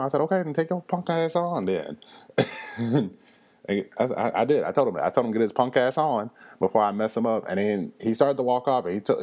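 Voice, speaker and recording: A man with a drawl hosts a casual podcast monologue. His voice sits low, and he talks bluntly and with energy, swearing without hesitation. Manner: animated, blunt, swears freely. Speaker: podcast host.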